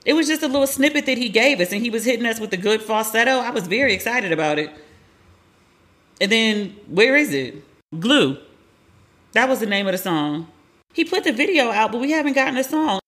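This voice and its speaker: A woman's voice: fairly high pitch, expressive, fairly quick, a bit bright. A woman in her forties hosting a casual pop-culture talk show, chatty and candid, swearing freely and acting out the people she quotes. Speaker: podcast host.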